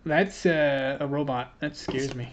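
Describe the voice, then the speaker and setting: A man hosting a trading card unboxing, reading card text aloud in a halting way and swearing casually. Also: mid-range voice, steady tone, a little hiss or hum. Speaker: channel host opening trading cards.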